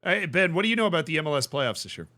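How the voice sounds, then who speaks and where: An American man hosting a casual podcast chat, his voice bright and forward. He talks with a lively, swinging pitch and restarts his sentences often. The sound is close and dry, with no room around it. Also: rapid-fire, no echo. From United States. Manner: animated storytelling, frequent restarts. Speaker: podcast host.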